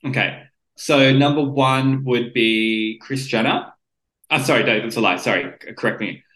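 Bright-voiced man, joking. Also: mid-range voice, normal speed, reverberant, poor audio. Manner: joking, storytelling, self-assured. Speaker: podcast co-host. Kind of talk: casual chat.

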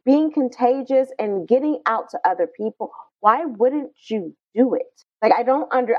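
A woman co-hosting a podcast panel, talking in an animated, passionate and emphatic way. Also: on the high side, moderate pace, hardly any pauses, dry recording. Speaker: podcast co-host. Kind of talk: casual panel discussion. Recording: slightly muffled dry recording.

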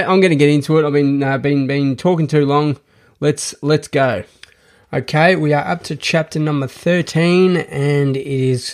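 A man's voice: medium pitch, vocal fry. Rambling man hosting a podcast. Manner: rambling, many restarts and fillers. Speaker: podcast host. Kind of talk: casual monologue.

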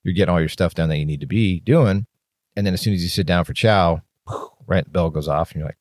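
A man's voice: low voice, steady tone, fast talker, a little mellow, dry recording, clean studio sound. A man hosting his own podcast as a firefighter, talking openly and bluntly with casual swearing and rambling restarts. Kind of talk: candid solo podcast monologue.

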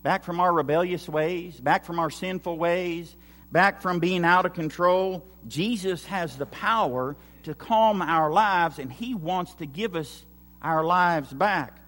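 A man's voice: sits high, measured pace, fairly bright tone, long reverb tail. A man preaching a sermon with emphatic, repetitive lines and acted-out quotes. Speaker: pastor.

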